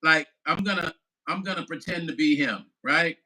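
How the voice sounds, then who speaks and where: Man in his fifties, livestream vlogger, bright tone, slightly high voice, loose and laughing, profane. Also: moderate pace, rough recording. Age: 50s. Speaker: musician vlogger. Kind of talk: casual livestream chat.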